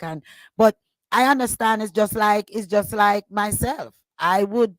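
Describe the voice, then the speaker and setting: A woman's voice: mid-range voice, unhurried, no echo, low-quality recording. Hesitant Jamaican woman panelist. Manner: hesitant, many fillers and restarts, agreeing murmurs. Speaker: radio panelist. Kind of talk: casual panel discussion.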